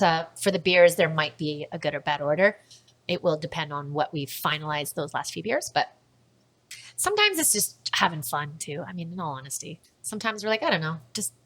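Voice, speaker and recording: Chatty woman with a lowish voice. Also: a bit bright. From Canada. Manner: chatty, enthusiastic, frequent fillers. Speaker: food tour operator and podcast guest. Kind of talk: casual chat.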